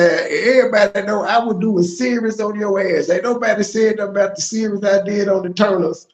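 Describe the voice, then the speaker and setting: A man's voice: high-pitched, reverberant. A man hosting reaction commentary, profane and mocking as he rants. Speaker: commentary host.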